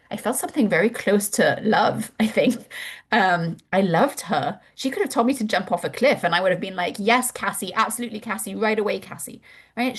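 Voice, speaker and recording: A woman presenting a webinar as a course instructor, candid and animated, swearing casually. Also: mid-range voice, creaky, slightly rough.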